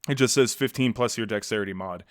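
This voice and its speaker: A man's voice: lowish voice, fast, clear, resonant tone, dry recording, clean studio sound. A man co-hosting a podcast, chatting playfully in character with a rambling, restarting delivery. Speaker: podcast co-host. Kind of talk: in-character casual chat.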